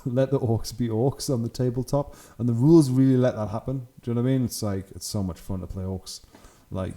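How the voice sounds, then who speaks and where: A man's voice: fairly low pitch, mellow. A young man hosting his channel, giving casual, enthusiastic commentary on hobby photos and laughing often. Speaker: channel host.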